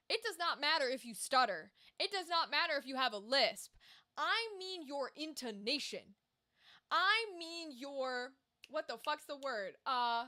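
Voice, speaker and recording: High, bright-voiced woman chatting candidly. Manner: candid, swears freely, chatty asides. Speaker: voice actor streamer. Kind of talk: casual livestream chat.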